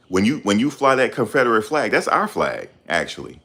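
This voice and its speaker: Deep low voice, man, middle-aged, angry profane rant, channel host. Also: big pitch swings, fairly quick, gravelly, few pauses. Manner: loud, confrontational, profane. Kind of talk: ranting livestream commentary.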